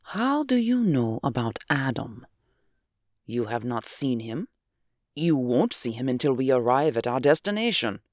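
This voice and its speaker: A reader voicing a huge, excitable German scientist with a German accent and emphatic outbursts. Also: medium pitch, a little slow, no room sound, studio quality. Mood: urgent. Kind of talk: audiobook character voice.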